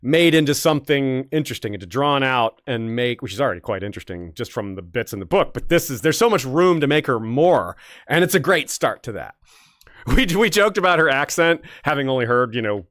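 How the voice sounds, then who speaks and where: A man's voice: mid-range voice, big pitch swings, fairly quick, fairly bright tone, no echo, studio quality. A man co-hosting a casual discussion show, rambling with restarts and frequent laughs. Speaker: podcast co-host.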